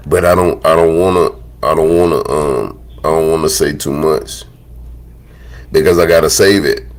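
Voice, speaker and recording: A man hosting a livestream in casual chat, hesitant and slangy, often repeating himself. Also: extremely low pitch. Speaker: livestream host.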